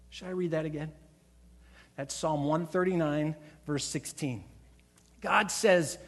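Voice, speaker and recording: Preaching at a moderate pace in a church sanctuary, a pastor uses a fairly high, ringing man's voice. He acts out the people he quotes and presses his points with emphasis. Call-and-response with the congregation runs through the sermon.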